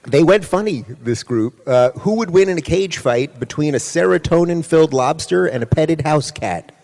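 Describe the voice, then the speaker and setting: A man's voice: fairly high pitch, expressive, moderate pace, gravelly, a little mellow. A man moderating a live stage question session, reading out audience questions in a playful, teasing way. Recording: reverberant hall on stage.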